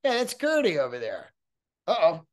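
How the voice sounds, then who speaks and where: A man's voice: a little high, huge pitch swings, moderate pace. A man in his fifties hosting a solo podcast, telling rambling, profane stories and acting out voices along the way. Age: 50s. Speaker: podcast host.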